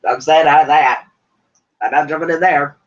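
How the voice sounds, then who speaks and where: A man's voice: fairly high pitch, steady tone, moderate pace. A young man co-hosting a casual reality TV chat, dry and wisecracking. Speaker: podcast co-host. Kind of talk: casual banter about reality TV. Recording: distant, dull lo-fi mic.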